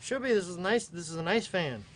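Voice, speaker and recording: A man in his forties hosting a live online auction, chatting in a rambling, excitable way and stumbling over his words. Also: high voice, brisk, slight background noise. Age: 40s. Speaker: host and auctioneer. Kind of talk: casual live-stream chat.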